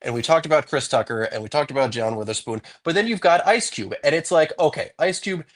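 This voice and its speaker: Measured, thoughtful male co-host. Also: a little high, lively intonation. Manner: measured, thoughtful, long run-on points. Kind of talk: casual chat.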